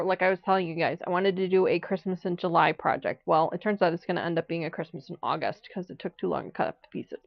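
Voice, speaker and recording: Hiccups interrupt a woman's relaxed, rambling chatter as she sews live for her quilting channel, laughing frequently. Her mid-range voice is creaky, and the recording sounds dry and muffled.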